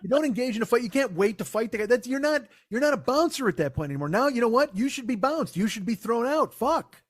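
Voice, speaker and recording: A man doing stand-up, telling a long profane story with exasperated, animated delivery. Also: extremely high pitch, fast, dry recording, clean studio sound. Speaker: stand-up comedian.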